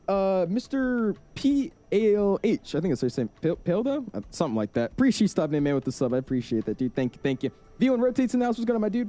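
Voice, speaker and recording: A man's voice: mid-range voice, dark tone. A man hosting a casual live stream, chatting while setting up a flight and greeting viewers one by one, with many fillers.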